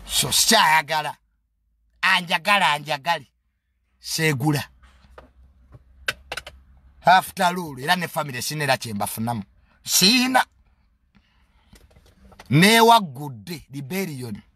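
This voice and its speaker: A man's voice: on the high side, moderate pace, long pauses, sharp tone. A man with a Ugandan accent giving a casual, comedic monologue in a mocking, boastful tone and mixing English phrases into his talk.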